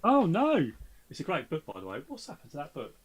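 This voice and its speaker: A man's voice: on the high side, wildly swooping pitch, rapid-fire, crowd noise. A man hosting a podcast in casual chat, rambling with lots of fillers and restarts. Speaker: podcast host.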